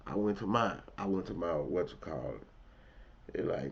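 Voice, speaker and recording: A man telling a blunt, profane personal story in casual street slang, swinging between loud, heated outbursts and low, quiet asides. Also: animated, moderate pace, creaky, breathy edge. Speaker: commentary vlogger. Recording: dull, lo-fi audio.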